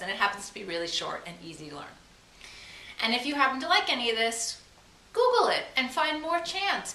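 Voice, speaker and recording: An enthusiastic woman with a Long Island accent leads a guided meditation lesson, her voice bright and forward. She is recorded in an echoey room at home with a faint hiss behind her. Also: medium pitch, recorded from a distance. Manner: enthusiastic, chants slowly at times. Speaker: psychic teacher.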